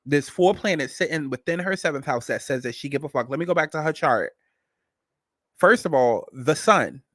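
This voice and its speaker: Speaking on the high side at a normal speed, a man hosting celebrity gossip and astrology commentary sounds lively and a bit bright. He is blunt, emphatic, and profane, hammering the same points again, recorded cleanly in a studio without echo.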